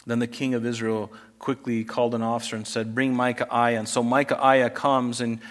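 A man's voice: mid-range voice, level tone, normal speed. A man preaching a sermon in a conversational style, acting out scripture scenes as he retells them. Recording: reverberant hall.

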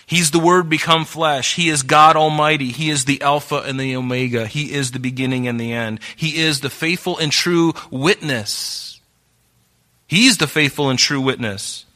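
A man preaching a sermon, reading scripture aloud and urging listeners to mark their Bibles, earnest and moving between hushed and emphatic delivery. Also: a little high, normal speed.

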